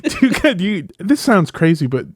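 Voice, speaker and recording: A man's voice: sits high, sing-song, a little slow, breathy edge, dry recording, studio quality. A man co-hosting a comedy podcast, brash and profane, who laughs often in casual chat. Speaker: podcast co-host.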